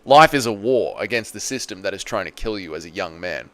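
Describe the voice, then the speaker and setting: A man's voice: fairly low pitch, brisk, no room sound. Swearing young man hosting a livestream. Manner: excitable, swearing, loud bursts when reacting to chat. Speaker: livestream host. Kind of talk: casual livestream chat reading comments.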